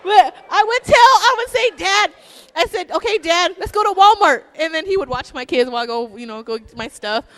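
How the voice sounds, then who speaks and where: A woman's voice: very high voice, animated, fairly quick, a bit bright. A woman giving a casual, joking eulogy for her father at a church service, telling stories in a chatty way. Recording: long reverb in a church hall.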